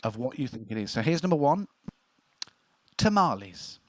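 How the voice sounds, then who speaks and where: A man's voice: medium pitch, sing-song, moderate pace, no room sound. A man hosting a casual online quiz, chatty, laughing easily and tripping over repeated words. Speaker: quiz host. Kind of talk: casual live-stream chat.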